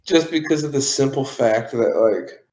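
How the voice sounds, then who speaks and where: Young guy, slow and halting, thoughtful, echoey room. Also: medium pitch, dark tone. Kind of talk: casual chat. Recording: roomy echo.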